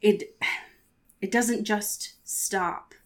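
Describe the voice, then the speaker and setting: Mid-pitched woman co-host, casual book talk, blunt swearing reactions. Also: fairly even intonation, extremely slow. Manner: casual, swears, indignant asides, "like" fillers. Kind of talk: casual chat recapping a novel.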